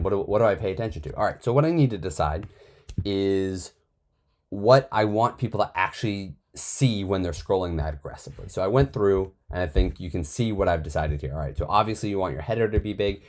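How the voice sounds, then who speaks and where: A man's voice: deep voice, a little mellow. A man teaching a copywriting course in a casual, think-aloud way, often restarting his sentences. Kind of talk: casual screen-share tutorial.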